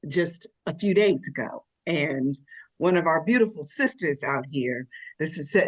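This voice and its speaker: A woman co-hosting a radio talk show, telling personal stories in an emphatic, animated way. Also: on the low side, low-quality recording. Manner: warm, emphatic, storytelling. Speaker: radio co-host. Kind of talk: casual radio chat.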